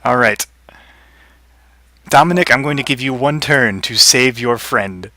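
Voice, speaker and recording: Bright teasing male game master. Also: mid-range voice, moderate pace, no room sound. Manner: playful, teasing players about rolls. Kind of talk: narrating a tabletop game.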